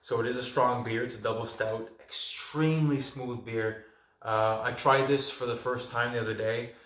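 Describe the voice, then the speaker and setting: A man's voice: medium pitch, steady tone, normal speed, fairly bright tone. A man in the middle of his range chats to camera like he's hanging out with a friend, rambling along with plenty of ums and restarts. His voice carries a noticeable room echo, as if recorded at home in a bare space. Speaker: vlog host reviewing films and beer. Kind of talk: casual rambling chat to camera. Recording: echoey room.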